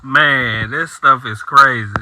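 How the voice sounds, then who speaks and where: Slow, bright-voiced male reaction host. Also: medium pitch, dry recording, poor audio. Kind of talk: casual reaction commentary.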